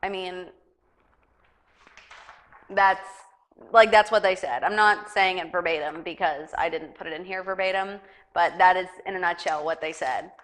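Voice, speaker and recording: A woman's voice: fairly low pitch, steady tone, normal speed, pauses often, fairly bright tone. A young woman hosting a casual news chat show, rambling and giggly, with lots of fillers. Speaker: talk show host.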